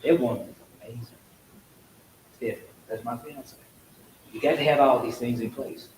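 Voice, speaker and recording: A man's voice: medium pitch, steady tone, normal speed, a little mellow. A man giving a heartfelt, grateful speech at a live event. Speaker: guest speaker, company head. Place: hotel event hall. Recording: echoey hall, faint noise.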